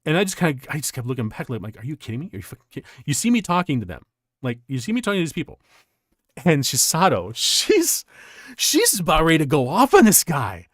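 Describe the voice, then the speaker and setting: A male streamer telling stories in casual chat while playing a game, rambling and animated, laughing often. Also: fairly high pitch, a little fast, no echo, studio quality.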